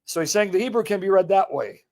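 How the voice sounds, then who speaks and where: A man's voice: high voice, quick pace, a little mellow. A man hosting a livestream, reading a passage aloud and commenting on it with emphatic rhetorical questions to his viewers. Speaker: host of a livestream. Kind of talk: live teaching and commentary, reading a text aloud.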